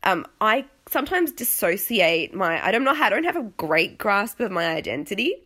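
A woman's voice: medium pitch, sing-song, moderate pace, pushed and bright. Young Aussie woman, casual recap host, rambling and self-deprecating, slightly sniffly voice. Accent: Australian. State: sniffly, voice failing.

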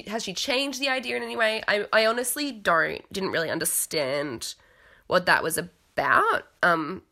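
A woman's voice: medium pitch, pushed and bright. A woman from Australia with a mixed Australian accent, rambling and hesitant through a casual recap while fighting a cough. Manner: rambling, hesitant, many fillers. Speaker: vlogger.

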